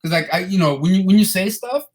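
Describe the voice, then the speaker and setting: A man's voice: high-pitched, expressive, fast. Profane, rambling man in his thirties. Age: 30s. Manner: rambling, profane, repeats and restarts words. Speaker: vlogger answering viewer questions. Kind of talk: casual chat.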